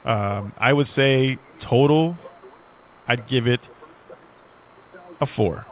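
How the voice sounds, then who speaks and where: A man's voice: medium pitch, takes it slowly. A man co-hosting a podcast in casual chat, rambling and joking, swearing freely as he talks. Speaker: podcast co-host. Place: indoors, dim room.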